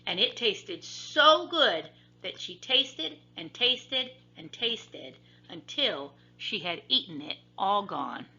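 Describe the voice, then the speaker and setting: A woman librarian reading a children's story aloud in an expressive, sing-song storytelling way. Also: mid-range voice, slow, hardly any pauses, breathy edge. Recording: dull lo-fi recording.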